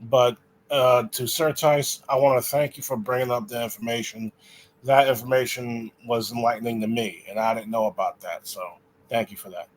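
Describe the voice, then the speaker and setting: A man's voice: mid-range voice, steady tone, moderate pace, a little hiss or hum, low-quality recording. A man talks in loose, rambling podcast chat, filling his sentences with small verbal tics. His voice sits in a middle register. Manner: rambling, many fillers like "you know" and "man". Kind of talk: casual chat.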